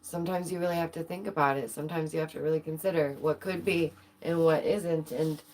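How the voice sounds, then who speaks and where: A woman's voice: low voice, steady tone, a little fast, a little mellow. A young adult woman hosting her own channel, chatting casually and playfully to viewers with frequent giggles. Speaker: channel host. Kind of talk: casual livestream chat.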